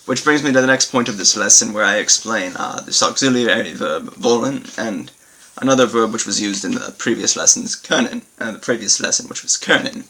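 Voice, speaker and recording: A man teaching a language lesson on video, halting with many fillers and repeating example sentences slowly. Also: on the low side, bright, forceful tone, husky, low-quality recording. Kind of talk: informal recorded lesson.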